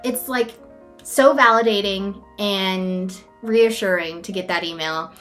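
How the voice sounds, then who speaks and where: A woman's voice: mid-range voice, slow pace, fairly bright tone, faint music behind. A young woman in a rambling, self-deprecating casual vlog, filling her talk with "like". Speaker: vlogger. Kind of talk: casual talking-head vlog.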